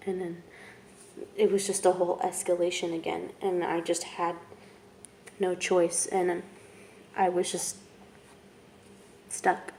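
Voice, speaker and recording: Soft-spoken, halting young woman. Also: lowish voice, flat delivery, slight background noise. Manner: halting and soft, with long pauses and trailing whispers. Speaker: vlogger. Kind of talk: personal testimony vlog.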